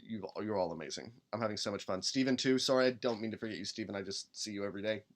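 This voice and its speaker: A man's voice: lowish voice, rapid-fire. A man hosting a live-streamed tabletop game podcast, chatting casually and rambling as he reads rules text aloud and hums to himself while he looks things up. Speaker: podcast host building a game character.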